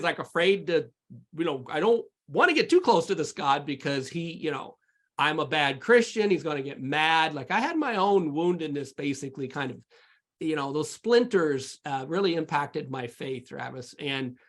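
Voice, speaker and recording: A man's voice: fairly high pitch, animated, normal speed, a bit bright. Candid man telling his faith story. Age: adult with sons. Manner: candid, rambling, many fillers and restarts. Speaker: podcast guest. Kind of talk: personal testimony in conversation.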